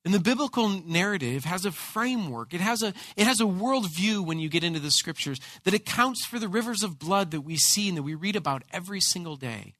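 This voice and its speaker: A man preaching a sermon as pastor, telling a personal story in an animated way with frequent repeated words. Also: high voice, fairly quick, hardly any pauses, no echo.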